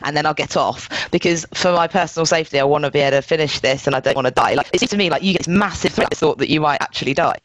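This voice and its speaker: A male podcast host who talks fast and jokes around, with a somewhat raised voice. The sound is dry and close, with no room around it. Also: on the high side, no echo, low-quality recording. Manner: joking, excitable. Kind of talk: casual chat.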